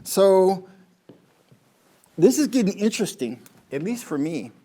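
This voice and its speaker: A man's voice: high voice, big pitch swings, measured pace, dark tone, husky. A man, a golf pro, giving a rambling motivational talk to a live audience, telling stories and asking the crowd questions.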